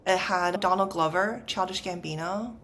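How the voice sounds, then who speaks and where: A woman's voice: fairly low pitch, moderate pace, fairly bright tone, slight background noise. A woman in her thirties with a Los Angeles Valley girl accent, a podcast guest chatting casually and scattering "like" through her sentences. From China. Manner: chatty, peppered with "like" fillers. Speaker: podcast guest, startup founder. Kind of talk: casual conversational interview.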